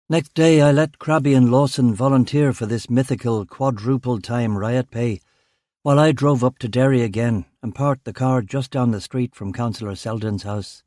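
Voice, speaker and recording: Mellow male audiobook narrator. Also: medium pitch, normal speed, no echo, clean studio sound. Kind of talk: scripted narration of a crime thriller.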